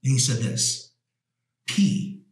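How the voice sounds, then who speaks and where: A man's voice: on the high side, moderate pace. A man, a guest entrepreneur, telling stories with energy, swearing and acting out the quotes. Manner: animated, swearing, repeats words, acts out quotes. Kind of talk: energetic storytelling conversation. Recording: echoey room.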